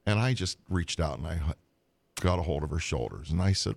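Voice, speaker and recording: A man in a casual podcast chat, telling a long story in an animated way, with restarts and trailing asides. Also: very deep voice, brisk, creaky, breathy edge, no room sound.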